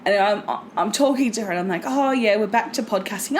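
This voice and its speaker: A young woman co-hosting a casual podcast, rambling and cursing with frequent laughs. Her voice sits fairly high and bounces around in pitch. Faint background noise hums underneath. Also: lively intonation, normal speed. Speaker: podcast co-host. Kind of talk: casual chat.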